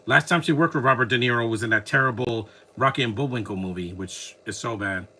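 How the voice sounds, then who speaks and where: Bright-voiced rambling man doing movie commentary. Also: medium pitch, fairly quick. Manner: opinionated, rambling, frequent restarts. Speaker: film commentary host. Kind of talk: casual movie watch-along commentary.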